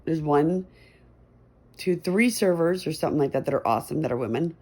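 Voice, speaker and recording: A woman's voice: deep voice, a little fast, darkish tone, husky. A middle-aged woman vlogging from her messy bedroom at home in a chatty, meandering, self-deprecating ramble. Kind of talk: rambling casual chat.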